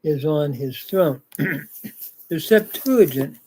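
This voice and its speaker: A man teaching biblical grammar, reading ancient verses aloud and working through them slowly with frequent "uh" pauses. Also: a little high, animated, warm tone, husky. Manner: deliberate, pauses with "uh", reads ancient text aloud. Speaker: Bible language teacher. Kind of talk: slow grammar lecture.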